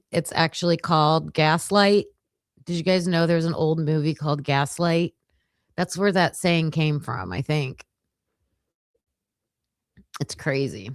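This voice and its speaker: A woman hosting a livestream, chatting casually with her viewers and telling stories in an animated way. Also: on the low side, dry recording, clean studio sound. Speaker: livestream host covering a trial.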